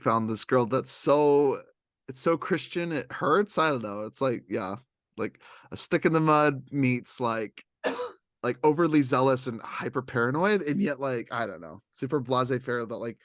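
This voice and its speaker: A man's voice: medium pitch, a little slow, no room sound, clean studio sound. A man co-hosting a casual chat, rambling and acting out what others said. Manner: animated, rambling, acts out others' lines. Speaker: podcast co-host.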